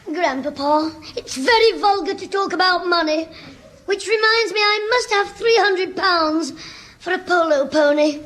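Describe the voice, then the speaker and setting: A man's voice: extremely high pitch, measured pace, sharp tone, full character voice. A man playing a cheeky, wisecracking schoolboy with broad working-class grammar, in a 1960s radio comedy. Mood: haughty. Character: cheeky cocky schoolboy, snobbish, cocky with elders.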